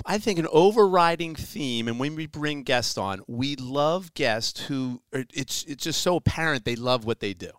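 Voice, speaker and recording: A man's voice: mid-range voice, lively intonation, normal speed, few pauses, fairly bright tone, clear, resonant tone, dry recording. A man hosting a podcast, chatting casually and asking his guest questions. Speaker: podcast host.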